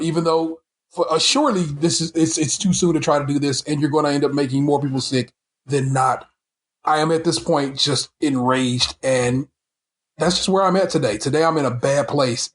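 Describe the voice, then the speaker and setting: A man's voice: a little high, fairly quick. A man hosting a casual podcast chat, ranting with heated, profane frustration and stumbling restarts. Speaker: podcast host.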